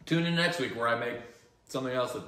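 A man's voice: mid-range voice, fast, sharp tone, reverberant, distant mic. A man hosting a casual cooking vlog in a home kitchen, joking and self-deprecating as he rambles through the recipe.

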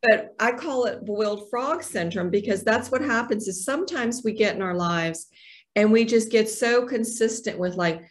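A woman's voice: a little high, moderate pace. A woman, a guest author talking in a casual interview and animatedly acting out the voices she quotes.

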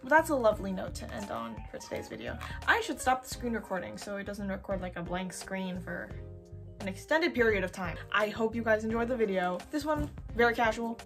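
A young woman chatting casually while browsing online, expressive and given to excited outbursts. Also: mid-range voice, a little fast, faint music behind. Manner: chatty, expressive, swings to loud excited squeals. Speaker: youtuber. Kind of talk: casual screen-recorded shopping commentary.

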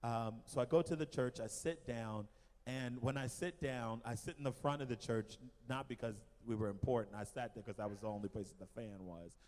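Male missionary speaker, animated testimony, average pitch, long hall reverb. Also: fairly quick. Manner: animated storytelling with fillers. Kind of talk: church testimony. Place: church hall.

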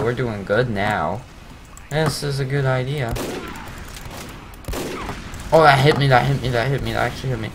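A young man giving casual, rambling commentary over his own gameplay, teasing himself and breaking into excited outbursts. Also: mid-range voice, background noise.

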